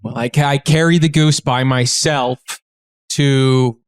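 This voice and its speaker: A man's voice: medium pitch, fairly even intonation, measured pace, clean tone, no echo, studio quality. A man co-hosting a comedy podcast, playing along in an improvised role-play with stammering restarts. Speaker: podcast co-host.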